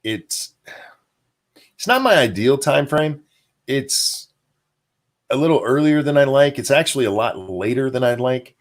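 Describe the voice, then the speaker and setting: A man's voice: medium pitch, lively intonation, unhurried, pauses often. A man hosting a casual livestream show, rambling through viewer chat with plenty of fillers and chuckles. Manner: answers viewer chat and donations aloud.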